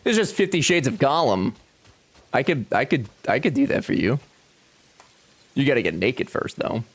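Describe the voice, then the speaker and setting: Husky and sing-song, this man's medium-pitched voice moves at normal speed as he live-streams a game from home. He jokes around with viewers, responds to chat, and swears plenty.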